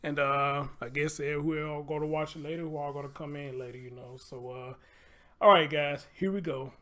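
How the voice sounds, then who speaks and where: A man's voice: a little high, fairly even intonation, normal speed, pushed and bright. A man hosting a casual livestream, chatty and loose, swearing freely and repeating phrases as he talks to viewers. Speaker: livestream host.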